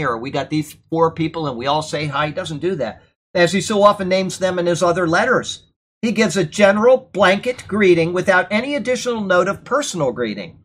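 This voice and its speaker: A man teaching a Bible class in a church classroom, lecturing in a conversational, animated way and checking in with frequent okays. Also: sits high. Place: church classroom during a thunderstorm.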